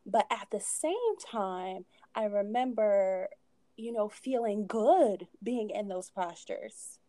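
A woman in her thirties shares her personal story as a podcast guest. She speaks in a mellow, warm tone and keeps it conversational with asides and light laughter. The recording is close and dry, with no room sound. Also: medium pitch, animated, slow, no room sound.

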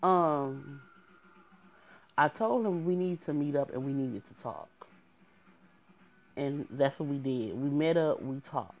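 Low-voiced exasperated woman telling a story. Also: takes it slowly, pauses often, dull audio. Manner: frank, exasperated, addresses viewers directly. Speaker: storyteller vlogger. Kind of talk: casual storytime monologue.

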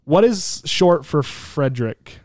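A man's voice: on the high side, expressive, slow, no room sound. Young american guy on a podcast, argues his point, restarts a lot, dry close mic. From United States. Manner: argumentative, builds his point with many restarts. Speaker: podcast co-host. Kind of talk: casual chat.

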